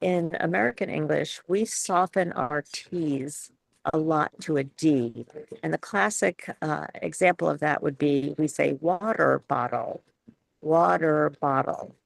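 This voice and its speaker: A woman's voice: low-pitched, a little slow, vocal fry, no echo. A woman from New York, a speech coach, leading a chatty webinar Q and A with many restarts and laughs.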